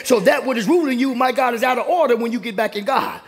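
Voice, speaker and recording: A young man preaching a sermon in a church, calling out to the congregation and rising to shouts. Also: very high voice, fast, soft background music. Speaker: pastor. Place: church sanctuary.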